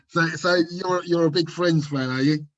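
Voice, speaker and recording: A podcast host with a mid-pitched voice asks relaxed questions and laughs along with his guest. The audio sounds dull and muffled, like a remote call. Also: measured pace. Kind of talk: casual podcast interview.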